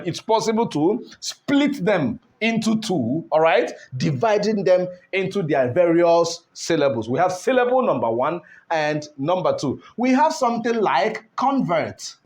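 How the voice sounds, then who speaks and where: Male online English teacher, high and animated, slow deliberate delivery, repeats words, checks in with listeners. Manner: slow, deliberate, repeats words and syllables, asks "all right?". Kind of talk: online pronunciation lesson.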